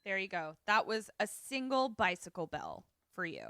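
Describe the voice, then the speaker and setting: An animated woman co-host retells a film in casual chat, joking and swearing freely as she goes. Her pitch sits in a middle range. She is recorded over a remote call with a dry, close sound. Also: moderate pace, no echo. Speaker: podcast co-host. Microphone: remote call setup.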